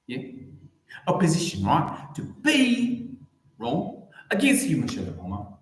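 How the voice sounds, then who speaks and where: A man hosting his own channel, delivering a rambling satirical rant with theatrical swoops in pitch and words repeated over and over. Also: huge pitch swings, a little slow, roomy sound, rough recording. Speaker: YouTube channel host.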